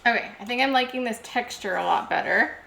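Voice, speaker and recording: A woman's voice: on the high side, a little fast, gravelly, reverberant, very noisy. A woman vlogging as she cooks at home, chatting casually and talking herself through each step. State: out of breath. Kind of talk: casual cooking narration. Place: home kitchen.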